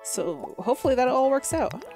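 A woman's voice: high-pitched, very animated, moderate pace, warm tone, soft background music. A woman chatting casually and upbeat while playing a game. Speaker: gaming channel regular. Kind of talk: casual gameplay banter.

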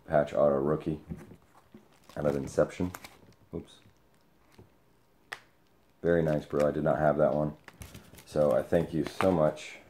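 A man opening sports card mail on camera, chatting excitedly to the friend who sent it. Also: a bass voice, a little hiss or hum. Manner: excited, talks to the sender directly. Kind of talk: casual unboxing vlog.

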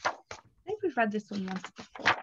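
A woman in her thirties, a teacher leading children's story time, singing simple songs and reading a picture book aloud in a gentle, expressive way. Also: mid-range voice, moderate pace, heavy background noise. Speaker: preschool teacher. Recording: dull lo-fi sound.

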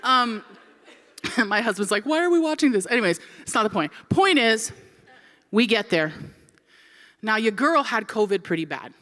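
A woman pastor in her forties tells a comic story from the pulpit. Her bright, high voice swings widely in pitch, and she acts out every quoted voice. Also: big pitch swings, normal speed, long pauses. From Florida. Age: 40s. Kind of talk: humorous sermon storytelling.

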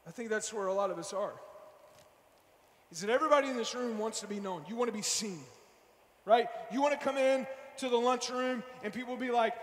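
A man giving a fervent, loud youth sermon, slangy and direct with his listeners. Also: very high voice, fairly quick. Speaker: youth speaker. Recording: echoey hall with long reverb.

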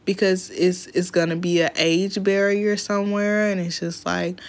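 A woman's voice: lowish voice, moderate pace. Blunt, laughing young woman vlogger. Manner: blunt, profane, animated storytelling with frequent laughs. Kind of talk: casual storytime chat to camera.

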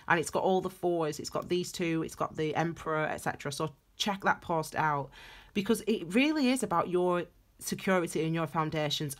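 A woman giving a casual, rambling tarot reading, talking earnestly and directly to her viewers. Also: fairly low pitch. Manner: rambling, earnest, talks straight to viewers, gets tearful. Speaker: tarot reader.

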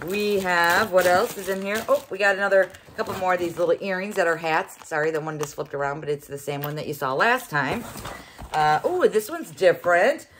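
A woman's voice: fairly low pitch, a little fast, fairly bright tone, slight background noise. A middle-aged woman hosting a casual unboxing vlog, chatty and exclaiming as she thinks aloud. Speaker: host.

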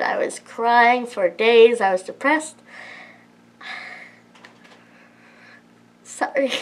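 A twenty-year-old woman vlogs at home in a personal confessional, emotional and near tears, speaking with hesitation and apology. Her voice is on the high side, and the recording is rough.

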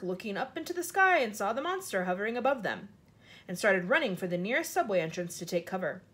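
A woman reading a children's storybook aloud, jumping her pitch up high for the characters' lines. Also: slightly rough. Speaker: reader of a children's book.

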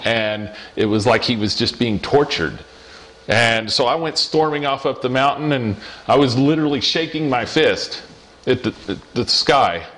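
A middle-aged man gives an earnest personal testimony sermon as a lay preacher, repeating phrases and slowing down for emphasis. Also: medium pitch, a bit bright.

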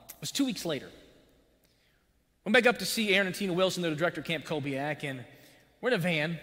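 Male pastor, sermon, animated storyteller, bright forceful voice, echoing church hall. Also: fairly high pitch. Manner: animated storyteller with buzzing sound effects. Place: church sanctuary. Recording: long church-hall reverb.

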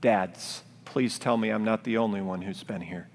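A man preaching a sermon as pastor, speaking in a gentle, reflective, pleading way. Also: on the low side, normal speed, gravelly, slight background noise. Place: church sanctuary, live-streamed. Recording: long church-hall reverb.

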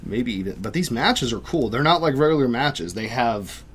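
A man's voice: mid-range voice, animated, moderate pace, a bit bright, breathy edge. A man co-hosting a food review, talking casually and guessing aloud at what things are. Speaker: video co-host. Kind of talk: casual chat. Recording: faint room ambience.

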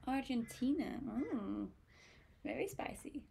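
Chatty young woman streamer, gravelly edge. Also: on the high side, big pitch swings, takes it slowly, dark tone, a little hiss or hum. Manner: chatty, reads questions aloud and answers them. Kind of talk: casual chat reading viewer comments.

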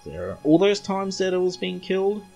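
A man's voice: sits high, big pitch swings, fairly quick, vocal fry, darkish tone, faint music behind. An Australian-accented man hosting a podcast, recapping a comic book in a rambling way with joking asides. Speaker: podcast host.

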